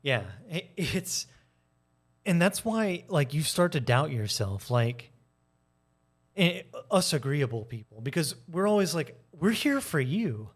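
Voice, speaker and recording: Candid, animated man talking casually. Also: on the high side, a little slow. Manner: animated, acts out quoted arguments in changing voices; candid and conversational, swears casually. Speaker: video essayist. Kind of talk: casual personal monologue.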